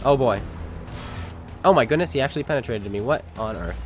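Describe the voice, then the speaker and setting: A man's voice: medium pitch, animated, brisk, soft background music. A man giving sarcastic, joking commentary over a tank game, talking to enemies and viewers as he plays. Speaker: gaming commentator. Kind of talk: casual gameplay commentary.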